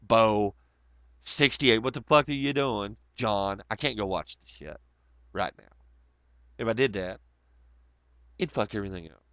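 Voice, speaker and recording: A man's voice: lowish voice, unhurried, pauses often, pushed and bright, clear, resonant tone, no room sound. A man hosting a casual livestream, reading chat comments aloud and rambling in a profane, sarcastic way. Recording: dull lo-fi audio.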